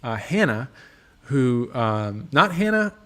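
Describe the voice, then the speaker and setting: A man with a medium-pitched voice and a slow pace hosts a laid-back livestream in a motorcycle workshop. He reads comments from viewers, rambling comfortably and often pausing on um or starting over.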